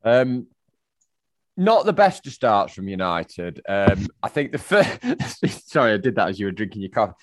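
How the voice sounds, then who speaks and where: A man co-hosting a football podcast, animated as he recounts the match. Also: on the low side, normal speed, dry recording, clean studio sound. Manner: animated, recounts match moments, mimics the crowd. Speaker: podcast co-host. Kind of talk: casual football chat.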